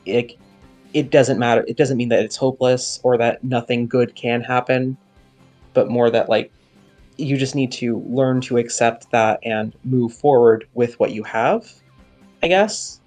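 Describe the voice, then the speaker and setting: A man's voice: medium pitch, measured pace, a little mellow, faint music behind. A man in a casual podcast discussion, musing in a tentative, reflective way. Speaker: podcast co-host.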